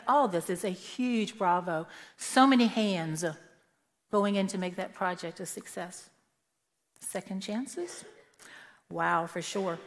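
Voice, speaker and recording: A woman's voice: mid-range voice, a bit bright. A woman speaks to a church congregation in an earnest storytelling manner, now and then acting out the people she describes. Her mid-range voice rings with a long, hall-like reverb from the sanctuary. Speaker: church member giving a testimony. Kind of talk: prepared church talk with personal stories.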